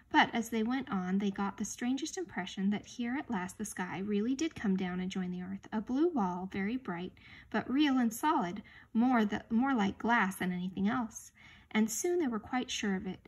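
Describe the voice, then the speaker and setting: A woman reading a children's storybook aloud in a calm, measured way, sometimes sinking into a whisper. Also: medium pitch, slightly rough. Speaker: audiobook reader.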